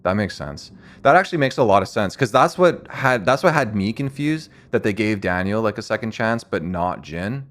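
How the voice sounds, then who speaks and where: A young man hosting a casual streamed interview, relaxed and rambling, with lots of "like" and easy laughter. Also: fairly low pitch, normal speed. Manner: laid-back, rambling, frequent "like". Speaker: stream host.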